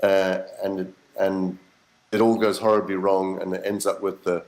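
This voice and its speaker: A middle-aged man, a voice actor, telling animated stories in a casual interview, acting out quotes and swearing now and then. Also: low-pitched, moderate pace, gravelly, rough recording. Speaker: voice actor guest.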